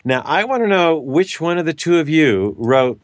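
A man's voice: fairly high pitch, expressive, normal speed, no room sound, clean studio sound. A man hosting a radio show, chatting casually with guests, often stumbling over his words and laughing easily. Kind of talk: casual interview chat.

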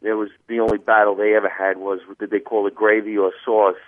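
A middle-aged comedian from New Jersey with a New Jersey accent, telling stories with plenty of jokes and laughs. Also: male voice, fairly low pitch, level tone, a little fast, no room sound. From New Jersey, USA. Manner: jokey storyteller, laughs often. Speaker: stand-up comedian guest. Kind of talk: casual phone interview. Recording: dry tinny phone line.

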